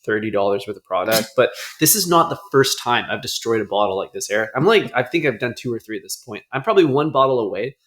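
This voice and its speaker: A man's voice: mid-range voice, lively intonation, fast talker, few pauses, a bit bright. A young man co-hosting a podcast, chatting casually with dry, jokey asides. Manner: laid-back, dry jokey delivery. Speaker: podcast co-host. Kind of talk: casual chat.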